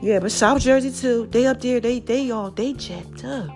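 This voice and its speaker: A middle-aged woman hosting a podcast, giving a casual motivational monologue, calling listeners baby and child, swinging from loud singsong exclamations to low murmurs. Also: normal speed, faint music behind. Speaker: podcast host.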